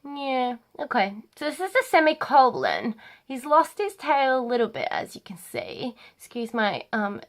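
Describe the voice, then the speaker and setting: A woman's voice: sits high, wildly swooping pitch, a little slow. Chatty young woman, lots of ums. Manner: chatty, rambling, many ums. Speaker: vlogger. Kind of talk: casual talk to camera.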